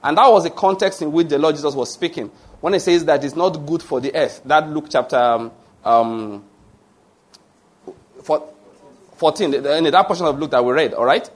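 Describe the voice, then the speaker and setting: A male preacher with a somewhat high-pitched voice. He preaches in an emphatic, digressive way, throwing questions to the congregation and answering them himself. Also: normal speed, long pauses. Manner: digressive, with restarts and fillers. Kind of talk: sermon.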